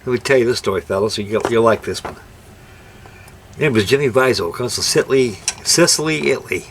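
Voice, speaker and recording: A man's voice: lowish voice, fast talker, slight background noise. Rambling folksy older man. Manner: rambling, folksy anecdotes with ungrammatical turns. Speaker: scale model builder. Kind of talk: casual workshop chat and storytelling.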